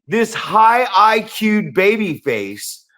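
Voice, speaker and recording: A man co-hosting a wrestling podcast, telling excited stories in a casual, profane way and acting out what others said. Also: high-pitched, takes it slowly. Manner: animated, swearing storyteller who acts out quotes. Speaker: podcast co-host.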